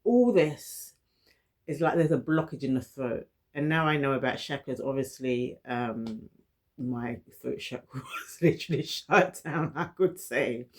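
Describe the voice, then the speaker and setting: Middle-aged woman who stutters. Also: low voice. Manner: stutters, repeats words, laughs between thoughts. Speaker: vlogger. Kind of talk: personal storytelling to camera.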